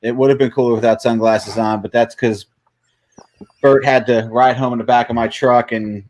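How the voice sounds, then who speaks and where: A man's voice: medium pitch, steady tone, normal speed, darkish tone, rough recording. A man co-hosting a casual livestream, joking and teasing the others. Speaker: livestream co-host. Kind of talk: casual chat.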